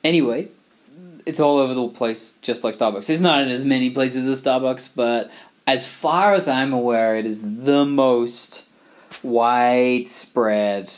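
A middle-aged Englishman vlogs a casual monologue that is wry, rambling and full of digressions. He has a medium-pitched voice and talks a little slowly.

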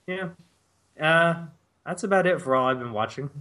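A man's voice: fairly high pitch, normal speed. A man co-hosting a casual group chat, cracking jokes. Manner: joking, animated. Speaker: podcast co-host.

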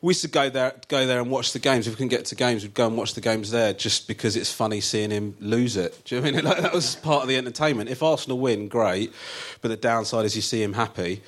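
A man's voice: mid-range voice, fast talker, hardly any pauses. A man, a comedian guest telling stories on a live show in a chatty, self-mocking way, often laughing at his own jokes. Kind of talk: comic storytelling on a live show. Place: theatre stage before a live audience.

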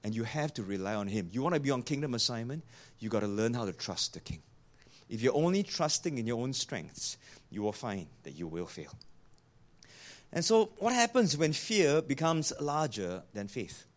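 Man, pastor, sermon, animated pitch, emphatic. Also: moderate pace. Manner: animated, emphatic, repeats key lines.

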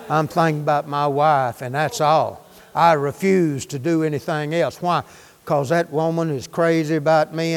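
A man's voice: on the high side, big-room sound. A man preaching a sermon, fervent and folksy, firing questions at his congregation.

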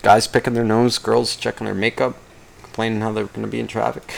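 A young man ranting casually about traffic and work, swearing constantly and rambling, now and then mocking others in a higher voice. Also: flat delivery, fairly quick, creaky. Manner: profane, rambling, jumps into mocking high-pitched impressions. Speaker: vlogger. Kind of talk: casual rant to camera.

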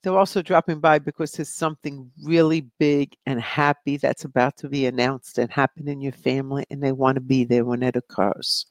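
A woman's voice: a bass voice, fairly even intonation, brisk, hardly any pauses, no room sound. A middle-aged woman hosting a live psychic question show, reading out viewer questions in a breezy, chatty way and laughing often. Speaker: psychic medium show host.

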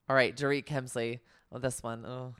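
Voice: mid-range voice, little pitch movement, normal speed, fairly bright tone, clear, resonant tone, dry recording, studio quality. A podcast co-host in casual chat, easygoing and agreeable, sometimes hesitant mid-sentence. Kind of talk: casual chat recapping a reality show.

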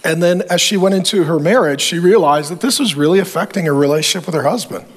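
A man's voice: on the high side, fast, breathy edge. A middle-aged man preaching a sermon as pastor, emphatic, with punchy repetition and touches of humor.

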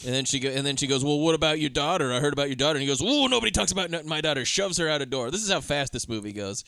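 Sarcastic man with a higher voice. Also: animated, very fast, vocal fry, bright, forceful tone, dry recording, studio quality. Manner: sarcastic, acts out scenes in mock voices. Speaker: podcast co-host. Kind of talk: casual movie-review chat.

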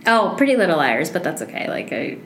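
A woman's voice: on the low side, sing-song, brisk, a bit bright, slight background noise. A woman in casual podcast chat, talking loosely with many filler words. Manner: chatty, lots of "like" fillers. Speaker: podcast co-host.

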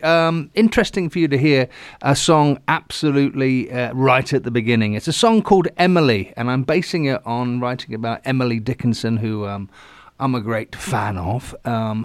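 A man's voice: mid-range voice, no room sound. A man from Southampton with a Hampshire accent, hosting a show and chatting casually about his music, rambling and self-deprecating. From Southampton, England. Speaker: host and musician.

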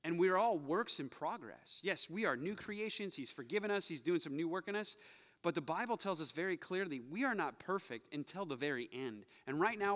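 Earnest pastor preaching in echoing hall. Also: male voice, on the high side, fairly bright tone. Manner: earnest, confessional, emphatic repetition. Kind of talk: sermon and closing prayer. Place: church sanctuary. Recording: long hall reverb.

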